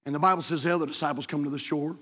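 A man preaches with a high, slightly husky voice, rising into shouted encouragement and then sinking low for quiet storytelling. His words ring out with a long echo, like a large church hall. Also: fairly even intonation, very fast. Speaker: pastor. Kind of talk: sermon. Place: church sanctuary.

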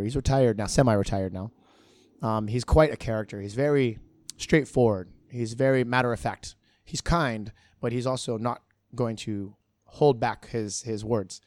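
A man's voice: medium pitch, normal speed, no room sound. Middle-aged man telling a story, dry sound. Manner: relaxed, rambling, frequent restarts. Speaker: bartender guest. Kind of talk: casual storytelling in an interview.

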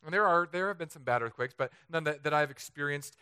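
A man from Southern California preaching a humorous storytelling sermon, animated and self-mocking, acting out the voices he quotes. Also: a little high, quick pace, clear, resonant tone, no room sound. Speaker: pastor.

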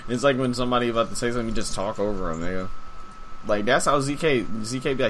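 A young man co-hosting a podcast, talking in casual, profane, animated bursts. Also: mid-range voice, fast, a little hiss or hum. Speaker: podcast co-host. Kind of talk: casual chat.

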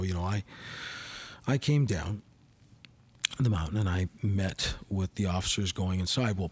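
A man's voice: mid-range voice, breathy edge. A middle-aged man, hosting a podcast and telling a story in a casual, rambling way full of "you know" fillers. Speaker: podcast host and former police officer.

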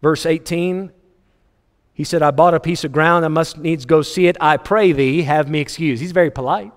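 A man preaching a sermon, reading scripture aloud and joking with the congregation in an animated way. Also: on the high side, moderate pace. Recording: long hall reverb.

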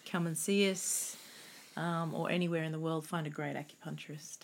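Chatty woman, low-pitched. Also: steady tone, normal speed, slight background noise. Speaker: Chinese medicine practitioner co-host. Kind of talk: casual podcast chat.

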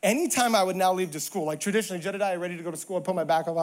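A man's voice: sits high, racing, few pauses. A man preaching a sermon, telling a funny personal story and acting out the lines before building to emphatic preaching.

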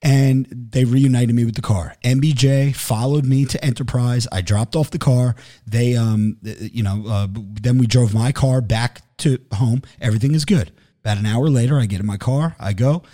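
Casting: man, mellow warm voice, loose profane storyteller, acts out both sides of calls. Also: medium pitch, moderate pace. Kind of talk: casual storytelling chat.

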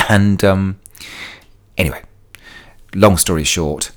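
Very deep-voiced man rambling chattily. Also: unhurried, pauses often. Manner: chatty and digressive, wanders into sidebars. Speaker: podcast host. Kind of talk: casual solo podcast storytelling.

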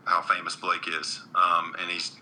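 Man, low pitch, bright forceful tone, earnest, rambling, many ums, faint noise. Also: completely flat delivery, measured pace, low-quality recording. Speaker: guest country singer. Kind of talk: casual interview chat.

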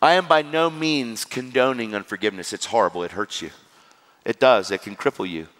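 A man's voice: mid-range voice, brisk, a bit bright. A man preaching a sermon, telling stories animatedly and acting out the dialogue. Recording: hall reverb with crowd.

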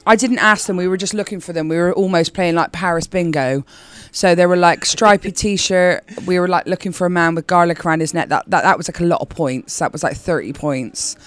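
A woman from Bristol with a Bristolian accent, chatting in an interview as a comedian guest in a rambling way full of quick asides. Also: lowish voice, clear, resonant tone. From Bristol, England. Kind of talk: casual interview chat.

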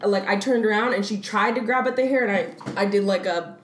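A young woman co-hosting a casual podcast, spinning a story with lively energy and laughing through the punchlines. Her voice sits in a middle register. The room is echoey, with a faint hiss underneath. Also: medium pitch, brisk. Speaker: podcast co-host. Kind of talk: casual chat.

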